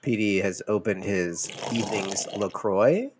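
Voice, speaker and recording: A man's voice: lowish voice, unhurried, background noise. A man co-hosting a casual podcast, rambling and playful, often laughing as he talks. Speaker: podcast co-host.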